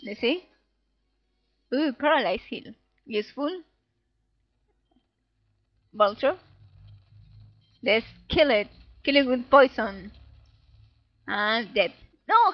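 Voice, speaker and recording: Woman let's-player, higher voice, playful reading of game text, dull dry home mic. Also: no echo. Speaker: let's play gamer. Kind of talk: casual gameplay commentary reading dialogue aloud.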